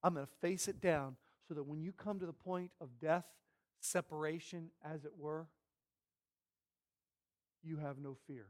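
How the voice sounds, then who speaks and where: Impassioned high-voiced male preacher. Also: fairly even intonation, a little slow, pauses often. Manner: dynamic preaching, swinging from hushed to loud and emphatic. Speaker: pastor. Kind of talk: sermon.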